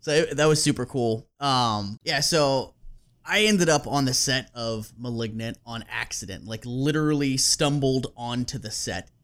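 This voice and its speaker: Animated man telling a story on a podcast. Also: medium pitch, a little slow. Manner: animated, laughing, casual swearing, filler-heavy. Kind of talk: casual chat, storytelling.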